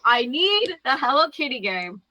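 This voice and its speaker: A woman in her thirties, a guest on a podcast, chatting casually in an animated, profane way and acting out quotes as she tells stories. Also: high-pitched, a little slow, poor audio.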